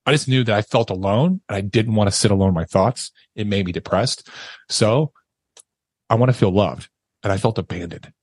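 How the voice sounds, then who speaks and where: A man's voice: lowish voice, brisk, a little mellow, breathy edge, no room sound. A man, a podcast guest, telling a raw, emotional personal story and swearing casually as he talks.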